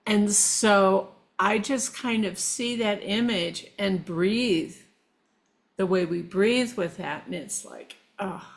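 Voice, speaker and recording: A middle-aged woman talking casually as a guest, meandering and halting with restarts. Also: medium pitch. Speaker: guest, shamanic practitioner. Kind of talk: casual conversation.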